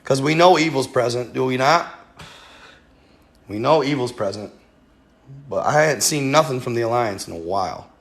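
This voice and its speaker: A man's voice: mid-range voice, lively intonation, moderate pace, pauses often. A man hosting a casual livestream, rambling with many fillers and talking straight to his viewers. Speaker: livestream host.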